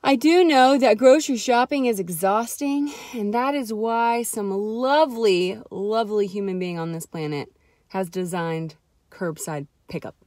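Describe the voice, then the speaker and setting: A woman's voice: mid-range voice, a little slow, a little mellow, dry recording, clean studio sound. A young mother, ranting sarcastically to camera in a chatty vlog full of "like" fillers. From Texas. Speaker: vlogger.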